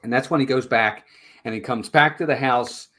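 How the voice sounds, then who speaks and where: A man's voice: medium pitch, moderate pace. A man co-hosting a movie review show, chatting casually and acting out the characters' lines as he retells the plot. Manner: animated storyteller, acts out characters' lines.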